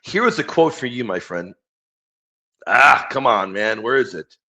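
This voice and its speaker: A man's voice: medium pitch, expressive, a little slow, sharp tone. A man hosting a live stream, chatting casually and enthusiastically with viewers and reading quotes aloud.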